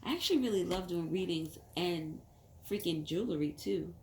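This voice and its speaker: A woman's voice: on the low side, lively intonation, moderate pace, gravelly, darkish tone. A middle-aged woman, a tarot reader, talking in a rambling, heartfelt way, now and then close to tears. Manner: rambling, heartfelt, tearful at times. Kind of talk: casual monologue to camera. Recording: echoey room, faint background hum.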